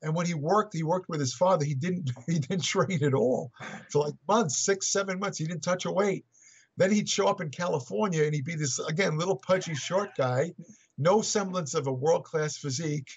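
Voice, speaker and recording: A man's voice: on the high side, normal speed, breathy edge. An older man talking as an interview guest, rambling through stories with many hesitant restarts and chuckles. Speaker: guest, fitness writer. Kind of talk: casual interview storytelling. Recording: muffled lo-fi audio.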